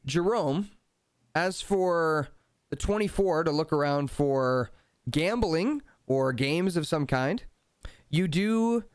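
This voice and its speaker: A man runs a tabletop game in an easygoing, descriptive way. His voice sits fairly high and sounds smooth and clear. The recording is dry and close, with no room sound. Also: no echo. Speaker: game master.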